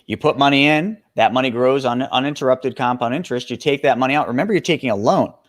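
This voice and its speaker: A man's voice: medium pitch, fast, dry recording, studio quality. A man in his forties, a guest expert on a podcast interview, talking with energy and emphasis and calling the listeners folks. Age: 40s.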